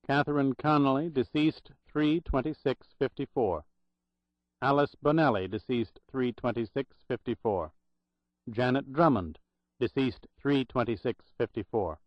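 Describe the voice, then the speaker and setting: A man's voice: medium pitch, a little slow, no echo, lightly acted. A man voicing a slangy, jaunty young records clerk in an audiobook, on a dull, dry recording. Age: young adult.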